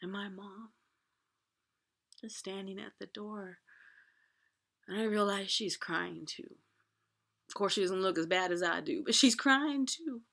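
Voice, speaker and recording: A woman telling a personal story from her own life, moving between hushed whispers and loud, pleading outbursts. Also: medium pitch, flat delivery, measured pace, gravelly, pauses often.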